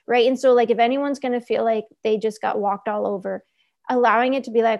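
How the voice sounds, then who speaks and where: A woman with a slightly higher voice talks through ideas in an earnest, explanatory way. She keeps checking in with her listener, tossing in "right?" and "like" as she teaches conversationally. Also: steady tone, quick pace, a little mellow. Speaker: guest speaker on communication.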